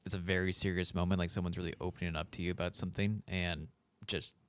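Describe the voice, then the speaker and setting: A man co-hosting a podcast, easygoing in casual chat, talking in quick bursts. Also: sits low, level tone, a bit bright, clear, resonant tone. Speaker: podcast co-host.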